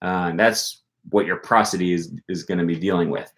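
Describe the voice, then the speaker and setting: A man's voice: sits low, steady tone, normal speed, a bit bright. Chatty young man explaining casually. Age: young adult. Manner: chatty, lots of ums and okays, emphatic example stresses. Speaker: language-learning YouTuber. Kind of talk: casual explanatory talk answering viewer questions.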